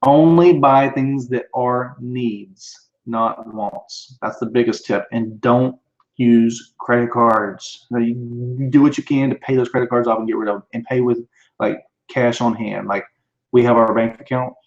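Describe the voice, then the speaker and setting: Hosting a live show, a man who is probably in his thirties takes viewer questions in relaxed live-stream chat, rambling with frequent restarts and fillers. His mid-range voice has fairly even intonation and a measured pace. The computer mic leaves the highs cut off.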